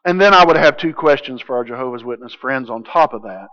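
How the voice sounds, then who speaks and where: A man preaching a sermon, emphatic, swinging from hushed to loud. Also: mid-range voice, quick pace, hardly any pauses, muffled recording. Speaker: pastor.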